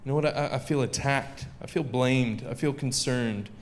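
A man's voice: mid-range voice, normal speed, faint music behind. Man preaching casually to a crowd. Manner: conversational, joking asides with the audience. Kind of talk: sermon. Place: live venue with audience.

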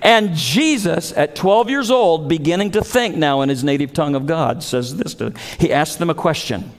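A man's voice: a little high, animated, normal speed. A man pastor preaching a dramatic sermon, acting out the voices of biblical figures. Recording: long hall reverb.

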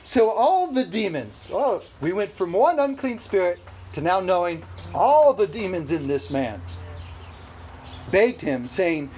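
Brief: a high-pitched male preacher, lively and laughing, at a church service. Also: slight background noise, low-quality recording. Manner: animated, exclamatory, laughs often. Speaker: pastor. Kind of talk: sermon.

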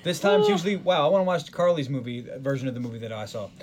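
A podcast co-host who jumps in with quick, wry asides during a casual movie chat. The voice moves up and down a lot and the words come fast. A crowd of other voices sits behind the recording. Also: medium pitch, lively intonation.

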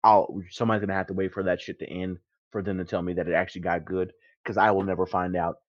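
A man in casual podcast chat, talking in an animated, profane way and laughing often. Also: low-pitched, quick pace, no room sound. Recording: dry, dull lo-fi mic.

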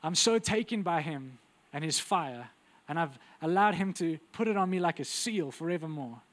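A man preaching a sermon with intense, urgent delivery that drops to quiet, intimate asides. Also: fairly high pitch, expressive, moderate pace.

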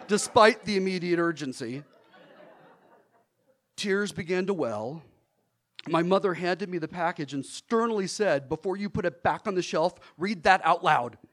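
A middle-aged man telling a story from his own childhood, his voice sitting a little high for a man. He performs it with theatrical energy, rising loud and laughing through the funny parts, then dropping soft and low. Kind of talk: live personal storytelling.

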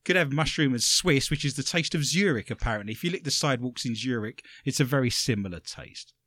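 A man with an English accent hosting a comedic radio show, telling stories with sarcastic, animated delivery. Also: mid-range voice, fast talker, no echo, studio quality. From England. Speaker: radio host.

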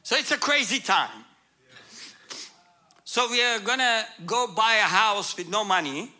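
A man's voice: high voice, big pitch swings, unhurried, sharp tone. A man, a guest speaker, telling a humorous testimony story and laughing often.

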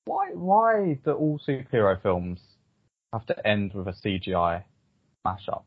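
A low-voiced man with a husky edge talks through a film review in a casual, halting way, filling his pauses with ums. The sound is dry and a little dull, like a modest home podcast setup. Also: sing-song, no echo. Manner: hesitant, lots of ums and restarts. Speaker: podcast host.

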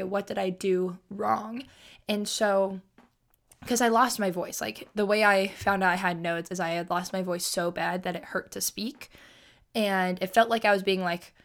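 A young woman in her twenties chats alone on her podcast, loose and self-mocking, with lots of fillers. Her voice is slightly hoarse and scratchy, and she keeps clearing her throat. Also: medium pitch, fairly bright tone. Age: 20s. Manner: rambling, self-mocking, chatty with many fillers. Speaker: podcast host. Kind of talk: casual solo podcast chat.

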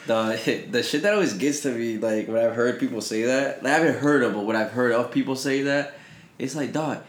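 Rambling quick-talking podcast man. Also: medium pitch. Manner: quick, rambling, many restarts and fillers, profane. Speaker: podcast co-host. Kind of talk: casual podcast chat. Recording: roomy echo.

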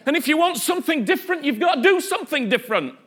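A man's voice: very high-pitched, very animated, fast talker, a bit bright. A man preaching a passionate sermon, often acting out the voices of the people he quotes.

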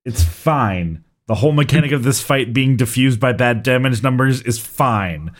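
A man's voice: medium pitch, moderate pace. A man running a tabletop game as game master, casual, swearing freely and laughing often.

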